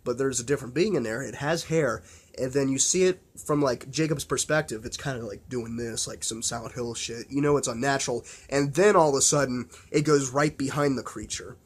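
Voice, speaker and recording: A man's voice: mid-range voice, fairly quick, husky. A man talking casually and enthusiastically about horror films, rambling with lots of fillers and restarts, and swearing bluntly. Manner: blunt and profane. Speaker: horror film vlogger. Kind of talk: casual unscripted film talk.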